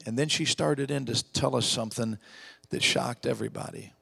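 A middle-aged man preaching a storytelling sermon in a folksy, emphatic way, dropping to a hush for heavy moments. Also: medium pitch, moderate pace, vocal fry, breathy edge, big-room sound. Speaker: evangelist preacher.

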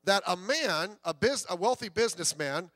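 A man's voice: high-pitched, animated, normal speed, fairly bright tone, no echo. A man preaching a sermon as pastor, in a conversational way with stories and quoted voices.

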